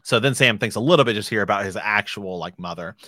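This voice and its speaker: A low-pitched man co-hosting a podcast, earnestly unpacking a book chapter in casual conversation. He circles back and rephrases his ideas as he goes, heard in a dry, close recording. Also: fast talker, pushed and bright, no room sound. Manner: earnest, piles up rephrasings while explaining. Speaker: podcast co-host.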